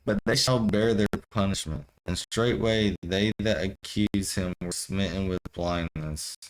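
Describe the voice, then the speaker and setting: On a low-quality recording, a deep-voiced young man haltingly reads an old scripture, stumbling over the archaic wording. He keeps breaking off to riff in loose, profane slang.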